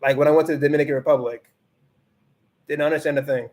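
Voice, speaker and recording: A man with a slightly high voice hosts a relaxed livestream, talking straight to his viewers. He restarts his sentences often and drifts between English and Spanish while answering the chat, laughing easily along the way. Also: quick pace. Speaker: livestream host.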